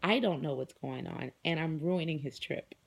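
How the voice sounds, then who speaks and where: A woman's voice: sits low, normal speed, gravelly. An adult woman with kids, talking casually to her viewers in a rambling vlog with lots of fillers. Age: adult, married with children. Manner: chatty, rambling, many fillers. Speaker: vlogger.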